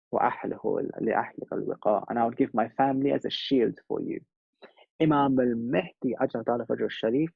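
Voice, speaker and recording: A man's voice: medium pitch, creaky, a little mellow, husky, dry recording, muffled recording. A man delivering a sermon at a mourning gathering, speaking earnestly with rhythmic repetition. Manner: earnest, rhythmic, repeats phrases for emphasis.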